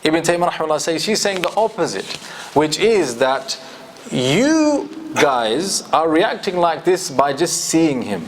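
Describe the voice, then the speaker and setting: A man with a fairly high, sing-song voice teaches a Quran commentary class at a measured pace, explaining passages and putting questions to his students. It's a classroom tafsir lecture, with a little background noise.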